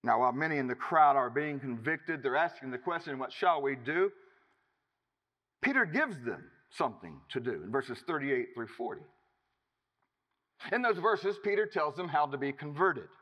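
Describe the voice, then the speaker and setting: A man preaching a sermon as pastor, emphatic, with dramatic pauses. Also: fairly high pitch, big pitch swings, lo-fi sound. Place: church. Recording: reverberant church hall.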